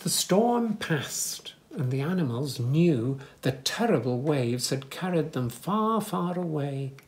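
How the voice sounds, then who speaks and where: A man reading a children's picture book aloud, gently pointing things out to young listeners in soft asides and lifting his voice for the animals' lines. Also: on the high side, sing-song, takes it slowly. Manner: lifts voice for animal speech without distinct characters. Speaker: children's story reader.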